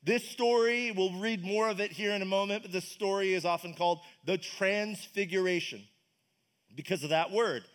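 A pastor with a high-pitched voice, speaking at a moderate pace, gives a casual, enthusiastic sermon at a church service. It's conversational, and he keeps asking the congregation questions.

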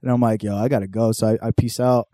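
A young podcast host tells a story in casual chat, swearing a lot and acting out the voices of the people in it. He's a laid-back storyteller with a lowish, warm voice, a flat delivery and a fast pace. The recording is studio quality with no room sound.

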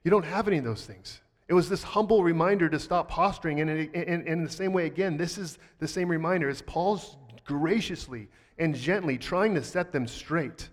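A man preaching a sermon, talking in a relaxed, conversational way with a playful, sarcastic streak, and reading scripture aloud. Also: fairly high pitch, normal speed, few pauses, big-room sound. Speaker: pastor.

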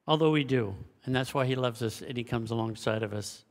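A man preaching a sermon as pastor, swinging between loud exclamations and hushed, low passages. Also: brisk, hardly any pauses. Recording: long hall reverb.

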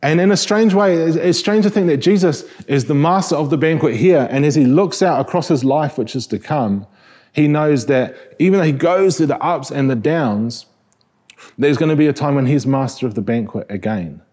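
A man's voice: on the high side, moderate pace, darkish tone, slightly rough. A man with a New Zealand accent preaching a sermon in a conversational way, often restarting phrases and asking rhetorical questions.

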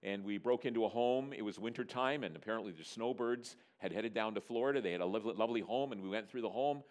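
A man from Northern Ontario, Canada, preaching a sermon and telling stories with lively delivery. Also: on the low side, fast talker. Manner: animated storyteller, voicing characters in dialogue. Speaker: pastor. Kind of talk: sermon with storytelling.

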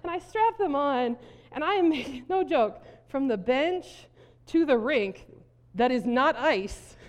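A woman's voice: high voice, expressive, measured pace. A woman pastor from South Dakota preaching a sermon, telling a story animatedly with frequent laughter. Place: church hall. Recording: long reverb of a hall.

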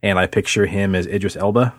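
This podcast co-host has a low-pitched, steady voice and speaks quickly, recorded with no echo and studio-quality sound. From his home setup on a remote call, using a computer mic, he jokes around, curses, and rambles casually.

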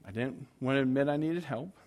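His own panic becomes the comic centerpiece as a pastor animatedly acts it out in a storytelling sermon, poking fun at himself alongside the congregation. The voice is mid-range and fairly quick.

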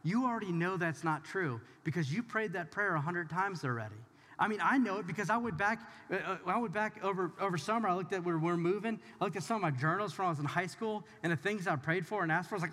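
Male pastor, higher-pitched voice, informal and emphatic sermon, long hall reverb. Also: fast talker, pushed and bright. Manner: talks straight to the audience, informal and emphatic. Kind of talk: conversational sermon.

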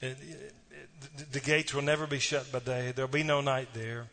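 A man preaching in a church. He talks in a folksy, storytelling way and speaks straight to his listeners with little asides, his pitch sitting in an ordinary middle range. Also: little pitch movement, moderate pace, a bit bright. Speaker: pastor. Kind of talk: sermon.

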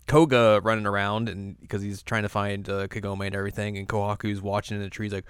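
A young man co-hosting a casual podcast, recapping an episode and slipping into quick character voices as he retells scenes. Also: on the low side, flat delivery, smooth, no echo, clean studio sound. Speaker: podcast co-host.

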